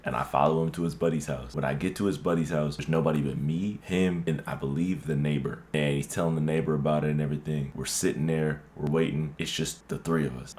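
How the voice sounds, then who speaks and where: A man vlogger telling a story in an animated, slangy and profane way. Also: a bass voice, a little hiss or hum. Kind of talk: story-time vlog.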